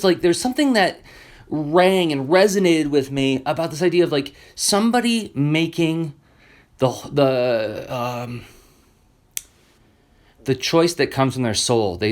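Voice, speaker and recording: Earnest rambling man in his forties. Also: mid-range voice. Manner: earnest, rambling, with many "like" fillers and restarts. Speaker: comic creator and podcast host. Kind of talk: reflective solo podcast monologue.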